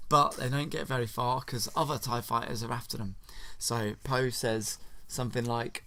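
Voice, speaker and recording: Dad retelling a film. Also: male voice, medium pitch, moderate pace, few pauses. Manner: relaxed, chatty, playful. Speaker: father telling a story to his child. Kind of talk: casual storytelling.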